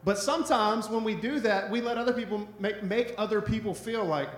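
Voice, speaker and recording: High-voiced pastor in an echoey room. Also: male voice, brisk. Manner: conversational, repetitive, asks "right?" often. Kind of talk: sermon.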